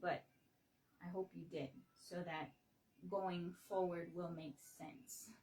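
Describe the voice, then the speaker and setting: A woman from Hawaii talking on a casual livestream, slow and halting, with many fillers and restarts. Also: lowish voice, steady tone, a little mellow, recorded from a distance, rough recording. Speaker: livestream host. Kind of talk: casual explanatory livestream talk.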